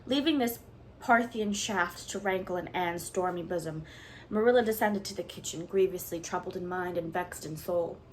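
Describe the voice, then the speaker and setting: Woman narrator, expressive and measured storybook reading, faint noise behind. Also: fairly low pitch, rough recording. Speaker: audiobook reader.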